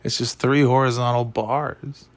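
A man's voice: mid-range voice, flat delivery, a little slow, dry recording. A man hosting a casual chat, rambling and sarcastic, swearing freely.

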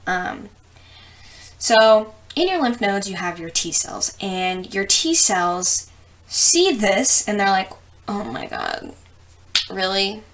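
A woman's voice: medium pitch, lively intonation, slow, fairly bright tone. A young woman from the US Midwest who explains science in a casual, chatty way, with lots of ums and plenty of swearing. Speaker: host.

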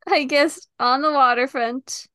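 A woman co-hosting a podcast, relaxed and guessing aloud in a casual game chat. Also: high voice, a little slow, dry recording, studio quality. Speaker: podcast co-host.

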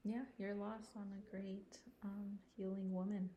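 A woman's voice: medium pitch, flat delivery, a little slow, echoey room, dull audio, slight background noise. A woman in her thirties co-hosting a podcast, chatting casually in an easygoing, playful way and laughing often. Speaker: podcast co-host. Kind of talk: casual chat.

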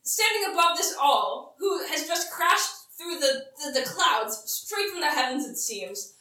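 A woman narrating as game master of a tabletop game, playful and halting with many "like"s. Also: high voice, expressive, pushed and bright, very echoey, recorded from a distance.

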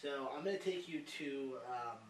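A man's voice: medium pitch, moderate pace. A man co-hosting a podcast in casual chat, telling a story with animation and acting out the other voices. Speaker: podcast co-host. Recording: echoey room, mic at a distance.

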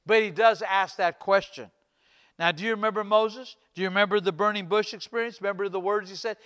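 Pastor guy preaching hard, really high bright voice, keeps repeating and building his lines. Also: fairly even intonation, a little fast, smooth. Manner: fervent preaching with rising, repeated exhortations. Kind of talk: sermon.

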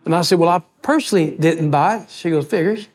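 This pastor's sermon is built on stories told in a lively, folksy manner, with him voicing the other people in them along the way. He speaks fast, his pitch a bit high for a man.

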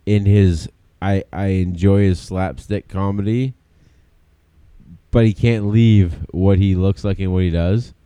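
Animated swearing podcast man, dark voice. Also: sits low, a little slow, clean tone, no room sound. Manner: animated, swearing, acts out movie quotes. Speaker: podcast co-host. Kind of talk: casual chat.

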